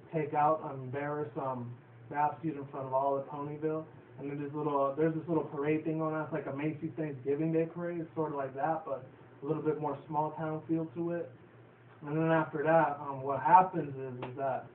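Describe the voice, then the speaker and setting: Man, reviewer, casual rambling episode recap, slightly high voice, roomy and far from a phone-like mic. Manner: rambling, filler-heavy, swears casually. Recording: distant, roomy, phone-like, faint hiss.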